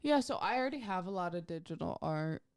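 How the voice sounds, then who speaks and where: A woman's voice: on the low side, fast talker, smooth. A young woman in her twenties co-hosting a podcast, telling casual stories with lots of swearing and acted-out quotes. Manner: swears freely, animated storytelling with acted-out quotes. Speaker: podcast co-host. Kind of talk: casual chat.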